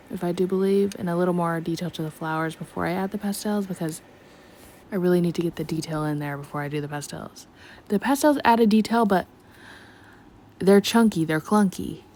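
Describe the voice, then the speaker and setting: A woman's voice: fairly low pitch, moderate pace, a little mellow, slight background noise. Rambling woman in a late-night voiceover. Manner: chatty, scattered, talks to herself; slips in and out of a country twang. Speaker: art vlogger. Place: at home at night.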